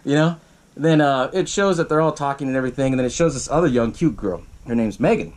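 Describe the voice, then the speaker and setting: A young podcast host with a mid-range voice recaps a horror film at a quick clip, swearing often. His retelling is animated, and he acts out bits of the dialogue.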